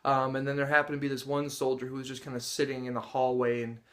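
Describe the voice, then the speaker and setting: Animated man explaining dog training. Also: mid-range voice, fast. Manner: animated storyteller who acts out dogs' and people's reactions with gasps and laughs. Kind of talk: casual instructional talk to camera.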